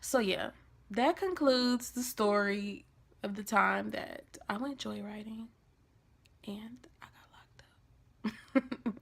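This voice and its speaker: A young woman tells a story from her own life in a lively vlog, slangy and casual. Her voice is bright and sharp with plenty of gravelly fry. She acts out the lines she quotes as she goes. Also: mid-range voice. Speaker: vlogger.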